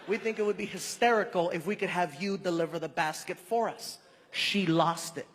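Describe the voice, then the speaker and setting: A man performing stand-up, telling a story in an animated, theatrical way on a live stage. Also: high voice, normal speed. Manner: animated, loud and theatrical delivery. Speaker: stand-up comedian. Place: large live comedy venue. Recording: stage mic in a reverberant hall with loud crowd noise.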